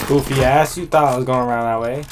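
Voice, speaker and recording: A man's voice: mid-range voice, steady tone, very fast, very noisy. A young man giving live gameplay commentary, full of profane, exasperated trash talk. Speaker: gaming video creator.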